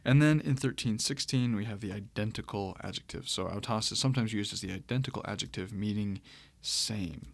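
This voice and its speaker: Low, gravelly male teacher. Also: a little fast, hardly any pauses, no room sound. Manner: relaxed, thinking aloud with fillers and restarts. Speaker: Greek teacher. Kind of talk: lecture.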